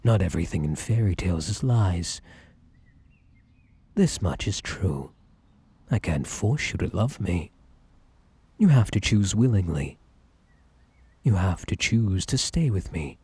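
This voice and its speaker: A man doing a breathy, possessive British bunny boy. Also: sits low, expressive, exaggerated voice. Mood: pleading, possessive. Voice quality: breathy, hushed. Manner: slow, pleading and possessive. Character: possessive magical bunny boy, pleading and obsessive. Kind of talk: whispered role-play.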